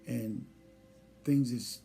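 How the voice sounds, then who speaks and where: A man telling his side of a personal loss story in conversation, quiet and emotional, plainspoken. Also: medium pitch, fairly even intonation, very slow, creaky, soft background music. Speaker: husband sharing loss story.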